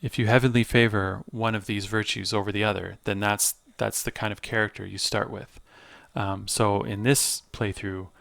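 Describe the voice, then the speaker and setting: A man's voice: on the low side, level tone, normal speed, creaky, few pauses, a bit bright, dry recording. A man hosting a let's play, reading game text aloud and explaining with hesitant fillers as he searches for words.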